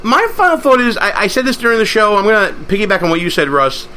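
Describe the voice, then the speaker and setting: A man's voice: high voice, very animated, fast, bright, forceful tone, slight background noise. A man hosting a political talk show, speaking in an emphatic, rallying, conversational way. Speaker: host.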